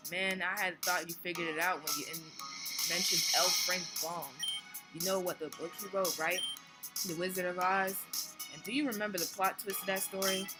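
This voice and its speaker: A woman voicing a cocky, dismissive male mercenary who posed as a prophet, over loud game music. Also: fairly low pitch, lightly acted, poor audio. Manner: cocky, dismissive, casual slang.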